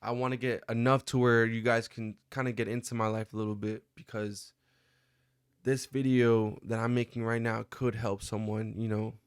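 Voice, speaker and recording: A young man vlogging a personal reflection, talking in a halting, earnest way with many restarts and fillers. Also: mid-range voice, flat delivery, clean tone, no room sound, studio quality.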